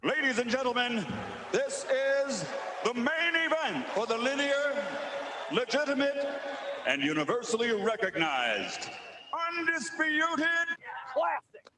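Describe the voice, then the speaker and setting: Man doing a high, swooping ring announcer, big echoing hall. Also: very animated, background noise, heavily acted. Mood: grandiose. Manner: drawn-out announcer delivery.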